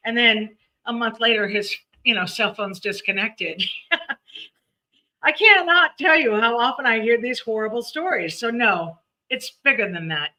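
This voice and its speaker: Woman numerologist host, very bright tone, chatty and animated on a live stream. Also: fairly high pitch, moderate pace. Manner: chatty, animated, laughs often. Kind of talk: live-stream chat and readings.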